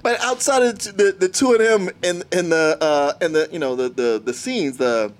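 A man's voice: on the high side, normal speed. A man co-hosting a casual movie chat, stammering and laughing as he talks. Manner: stammers and laughs while talking. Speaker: co-host.

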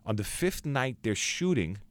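A young man, a guest actor, telling stories in a casual podcast chat, acting out quotes with big jumps in pitch. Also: moderate pace, no room sound. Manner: animated storyteller who acts out quotes with big pitch jumps.

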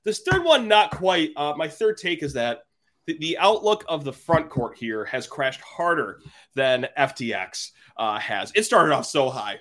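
Young male sports podcast host, bouncy pitch, casual and self-deprecating. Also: unhurried. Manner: lively, jokey, self-deprecating.

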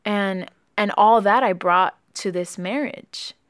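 A woman's voice: mid-range voice, takes it slowly, clear, resonant tone, dry recording, clean studio sound. A woman co-hosting a podcast, telling her own story in a candid, openly emotional way. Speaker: podcast co-host. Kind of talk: candid personal conversation.

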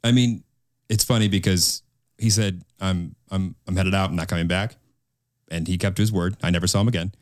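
A man's voice: sits low, fairly even intonation, fairly quick, dry recording, clean studio sound. A young man co-hosting a podcast, telling a personal story candidly and emotionally with many restarts. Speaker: podcast co-host. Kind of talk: casual podcast chat.

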